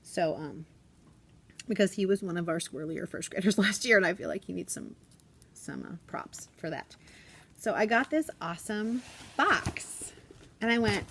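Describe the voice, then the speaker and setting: A bubbly woman teacher chats away at her classroom desk, giggling as she goes. Her voice sits at an ordinary middle pitch. A faint hiss runs under the recording. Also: expressive, moderate pace, long pauses. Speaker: elementary school teacher. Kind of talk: casual classroom vlog chat.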